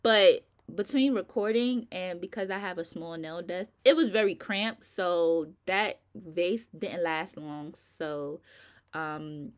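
Middle-aged woman, casual vlogger, tired and rambling, fairly low voice. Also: slow pace. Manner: chatty, rambling, informal, addresses viewers as y'all. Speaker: nail vlogger. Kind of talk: casual chat to viewers.

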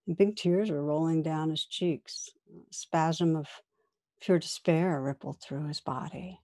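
A woman meditation teacher, low-pitched and steady in tone, narrates a story within a dharma talk. Her manner is gentle and measured, occasionally hushed to a soft whisper.

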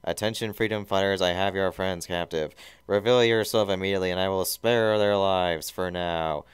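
A man's voice: low-pitched, fairly even intonation, moderate pace, smooth, dry recording, lightly acted. A man voicing a whiny, nasal male sidekick to a villain while reading a fan story aloud. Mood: simpering. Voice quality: nasal, whining.

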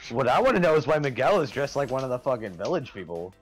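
A man's voice: mid-range voice, very animated, fast, soft background music. A man with a nasal, slightly lispy voice, co-hosting a game stream with crude, sarcastic jokes. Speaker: stream co-host. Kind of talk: casual gaming chat.

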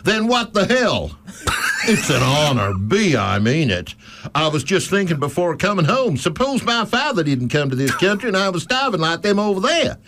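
Guy putting on a wonky brooklyn accent that sounds southern, earnest old immigrant, bouncy pitch. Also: sing-song, moderate pace, fairly bright tone, heavily acted. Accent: attempted Brooklyn, sounding Southern US. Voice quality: drawling, overdone accent.

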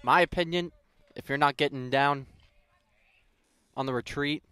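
A man giving color commentary at a high school baseball game, asking questions and offering opinions conversationally. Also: unhurried, bright, forceful tone, smooth, no room sound. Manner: conversational, asks analysis questions.

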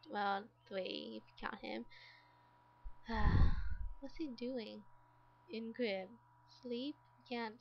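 A woman's voice: on the high side, gravelly, muffled recording, slight background noise. A woman giving casual gameplay commentary as a let's play host, exasperated and talking to the game characters.

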